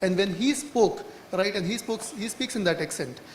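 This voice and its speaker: A high-pitched man explains his marketing approach on a conference panel. His voice carries through a large, echoing hall with a long reverb tail and a faint hiss underneath. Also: expressive. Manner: quick explanatory talk, mixing in Hindi phrases. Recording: echoey hall with faint noise.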